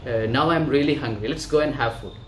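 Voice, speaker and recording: A man voicing a forgetful male scientist who talks high, loud and hurried, in a roomy space. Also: a little hiss or hum, close to an everyday voice. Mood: excited. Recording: roomy echo.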